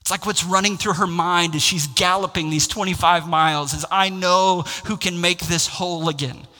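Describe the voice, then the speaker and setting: A man's voice: high voice, steady tone, normal speed, sharp tone. A man preaching a sermon as pastor, impassioned and building to raised exclamations. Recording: long hall reverb.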